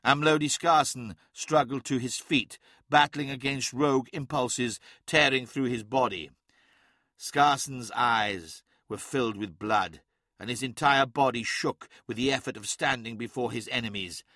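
A man reading dramatic fiction aloud as an audiobook narrator, in measured, vivid storytelling. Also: mid-range voice, pushed and bright, dry recording, clean studio sound.

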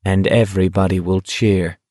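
A man voicing a cool, sly young male walker in an audiobook, calm and knowing. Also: deep voice, moderate pace, dry recording, studio quality, natural voice.

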